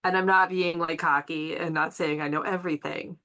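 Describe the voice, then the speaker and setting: A woman with a low, gravelly voice talks casually on a podcast. She speaks emphatically and draws on her own experience as a mother. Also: steady tone, normal speed, fairly bright tone. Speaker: podcast co-host. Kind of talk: casual conversational podcast chat.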